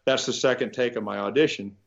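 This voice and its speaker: A man's voice: medium pitch, fast talker, creaky, lo-fi sound. Rambling male guitarist telling stories. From Nebraska. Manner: rambling, animated anecdotes with frequent restarts and swearing. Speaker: guitarist guest. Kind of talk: casual storytelling interview.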